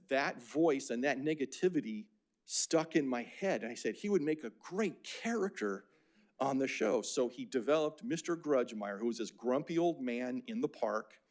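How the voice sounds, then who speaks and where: A man's voice: mid-range voice, normal speed, darkish tone. An older man from Phoenix giving a casual, anecdotal lecture about slides, with many fillers and restarts. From Phoenix, Arizona.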